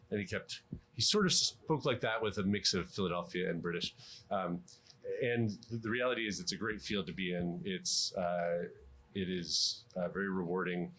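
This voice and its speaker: Man, very low voice, a cardiologist answering interview questions thoughtfully, with ums and restarts, faint hum behind. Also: fairly bright tone. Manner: measured, frequent ums and restarts.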